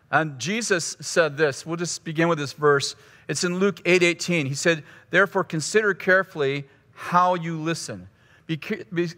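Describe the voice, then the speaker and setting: A man's voice: a little high, bright, forceful tone. A male pastor teaching a course session in a conversational, teasing way, often restarting his phrases. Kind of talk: teaching sermon with humor. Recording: long hall reverb.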